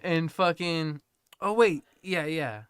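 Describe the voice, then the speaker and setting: A man's voice: fairly high pitch, slow pace, fairly bright tone, smooth, no room sound, studio quality. A young man on a podcast, rambling through stories with lots of swearing and laughter. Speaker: podcast co-host. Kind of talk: casual storytelling chat.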